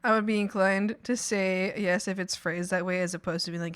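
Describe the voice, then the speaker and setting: A woman streamer in casual chat, rambling and chatty, laughing often and sometimes bursting into mock shouting. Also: mid-range voice, steady tone, a little fast, clear, resonant tone.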